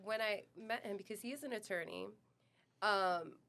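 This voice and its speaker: A woman from New York, a podcast guest, telling a personal story in a chatty way, often trailing off softly. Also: medium pitch, normal speed. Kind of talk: casual storytelling.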